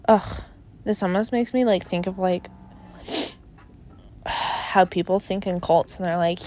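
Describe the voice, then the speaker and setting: Slow-talking giggly young woman host. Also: medium pitch. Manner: rambling and giggly, trailing off into mumbles. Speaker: podcast host. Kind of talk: casual chat.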